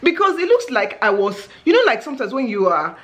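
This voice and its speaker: A middle-aged woman, telling a story in an animated way as a vlog host, laughing often and acting out her exclamations. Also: fairly high pitch, fairly quick, highs cut off.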